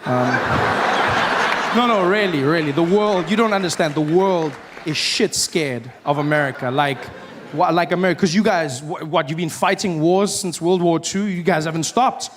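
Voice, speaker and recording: A man performing a stand-up routine, animated and acting out other people in shifting voices. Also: a little high, normal speed. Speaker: stand-up comedian. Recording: live stage with audience noise.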